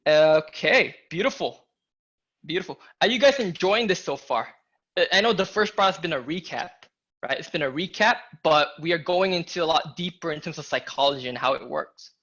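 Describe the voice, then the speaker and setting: An energetic man teaching a live online sales class, pushing each point hard and calling out to his listeners. His voice sits fairly high with a forceful, bright edge. The audio is dull and lo-fi. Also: normal speed. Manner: energetic, emphatic, talks to the audience directly. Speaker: sales trainer. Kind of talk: live online training talk.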